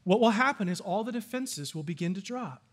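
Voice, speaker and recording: Middle-aged male preacher, high-pitched, animated delivery with questions to the congregation. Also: a little fast. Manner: animated, asks the audience questions. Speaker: pastor. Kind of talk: sermon.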